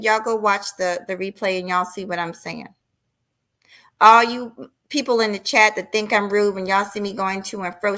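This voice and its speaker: Blunt, profane woman ranting with a bright voice. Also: mid-range voice. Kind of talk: heated live-stream rant.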